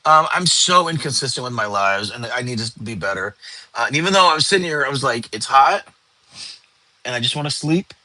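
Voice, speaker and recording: A man's voice: mid-range voice, lively intonation, fairly quick, bright, forceful tone, no echo, rough recording. A middle-aged man hosting a casual livestream from his bedroom, tired and yawning, rambling and answering chat comments. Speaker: livestream host.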